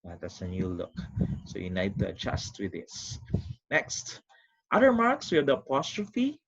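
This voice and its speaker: A man teaching a recorded online lesson, explaining step by step with quick recaps in an animated, sing-song way. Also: lowish voice, a little hiss or hum. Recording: dull lo-fi recording.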